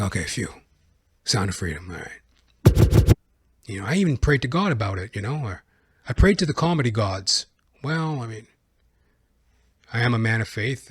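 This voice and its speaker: A man's voice: on the low side, breathy edge, dry recording. A young adult man, a comedian hosting his own podcast, telling a comic story and acting out scenes with sudden screams.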